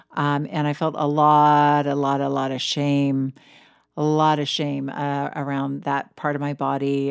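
A woman's voice: low voice, clear, resonant tone, no room sound, clean studio sound. A middle-aged woman hosting a casual solo podcast as a weight loss coach, chatty and self-deprecating, laughing at herself.

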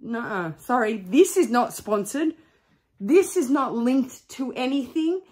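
A woman's voice: fairly high pitch, expressive, a little slow, a little mellow, breathy edge. A middle-aged woman vlogging, talking emphatically and getting heated. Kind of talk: candid vlog rant.

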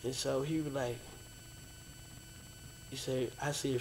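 A man retelling past events in a relaxed, rambling way, dropping slang like "fam" and "bro". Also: medium pitch, slow, pauses often, slight background noise, low-quality recording. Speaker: interviewee, friend of the late DJ. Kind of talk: casual storytelling interview.

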